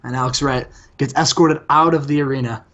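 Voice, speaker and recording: A man hosting a gaming show, recounting wrestling action in excited, casual storytelling. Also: medium pitch, a little fast, dull audio. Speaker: host. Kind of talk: casual play-by-play of a wrestling sim game.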